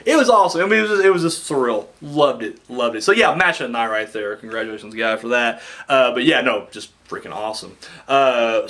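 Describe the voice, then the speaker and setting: A man rambling excitedly through a wrestling show recap, acting out quotes with big jumps in his voice. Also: on the high side. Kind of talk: casual recap monologue.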